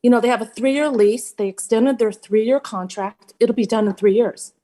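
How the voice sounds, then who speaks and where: A woman's voice: a little high, normal speed, mellow. A woman giving a frustrated, emphatic public comment at a city meeting, talking bluntly as she calls in remotely.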